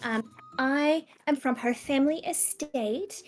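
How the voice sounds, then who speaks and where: Woman playing a young messenger faking posh, overly polite, raised pitch. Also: slow. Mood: politely proper. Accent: put-on posh accent. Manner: overly proper, polite questioning.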